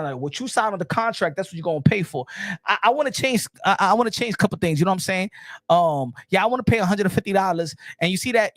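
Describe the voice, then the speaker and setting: A man giving casual boxing commentary, animated, repeating himself and firing off rhetorical questions. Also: high-pitched, no echo, studio quality. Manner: animated and repetitive, many restarts and rhetorical questions.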